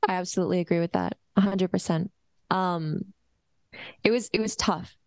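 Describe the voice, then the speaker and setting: A woman's voice: lowish voice, moderate pace, darkish tone, no room sound. A woman reporter talking in an earnest, conversational way. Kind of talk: casual conversation.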